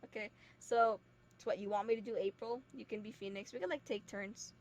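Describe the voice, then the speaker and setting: A woman's voice: mid-range voice, steady tone, brisk. A woman streaming a game, chatting casually and laughing often. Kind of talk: casual let's-play chat. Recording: faint background noise, lo-fi stream mic.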